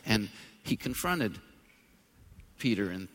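A male pastor preaching a sermon in a relaxed, conversational way that swells into loud, high-pitched emphasis. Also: slow pace. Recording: long reverb of a large hall.

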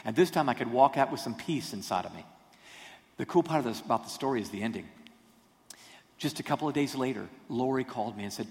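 A man preaching a storytelling sermon, animated and self-deprecating in his humor. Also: medium pitch, quick pace. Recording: long hall reverb.

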